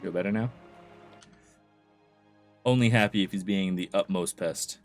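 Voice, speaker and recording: A man's voice: deep voice, unhurried, soft background music. A man giving casual, chatty commentary while playing a video game, with amused asides. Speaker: let's play host.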